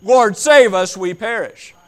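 A man preaching who voices panicked male disciples crying out for rescue in a storm, shouting high and frantic. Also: expressive, slow, full character voice. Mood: panicked pleading.

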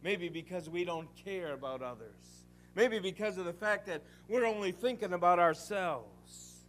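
Fervent high-voiced older preacher. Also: male voice, normal speed, faint music behind. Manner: fervent, emphatic, swings between loud exhortation and quiet asides; folksy storytelling with rhetorical questions. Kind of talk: sermon.

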